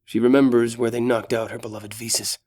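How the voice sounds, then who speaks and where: Brief: male audiobook narrator, steady and dramatic, mid pitch. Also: a little fast.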